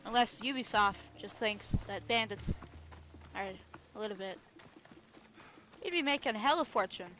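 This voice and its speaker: A woman streaming a video game live, talking back to the characters loudly and cursing freely. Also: mid-range voice, normal speed, long pauses, a little hiss or hum. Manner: loud, profane, talks back to the game. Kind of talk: live gaming commentary.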